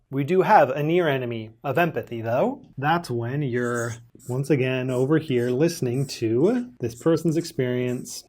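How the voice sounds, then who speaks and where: A man narrates an explanatory book summary in a mid-pitched voice. He talks in a measured, thoughtful way and slows down to lean on key phrases. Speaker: channel host explaining books.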